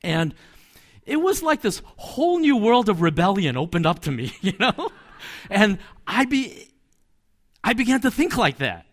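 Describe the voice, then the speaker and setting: Lively, conversational male preacher. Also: high-pitched, a little slow. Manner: conversational, storytelling with asides and chuckles. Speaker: pastor. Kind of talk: sermon.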